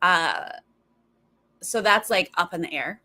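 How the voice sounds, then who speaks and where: A woman's voice: fairly low pitch, animated, slow, bright, forceful tone. A woman hosting a live stream, chatting casually with viewers and mimicking other people's voices in her stories. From Los Angeles. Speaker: live stream host reacting to a TV show.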